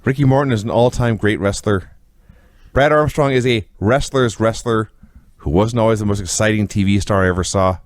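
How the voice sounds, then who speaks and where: A man co-hosting a wrestling review show, chatting casually and recounting matches with animated storytelling. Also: fairly low pitch, fairly quick, dry recording. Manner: animated storytelling, quoting others with put-on voices. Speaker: podcast co-host reviewing wrestling.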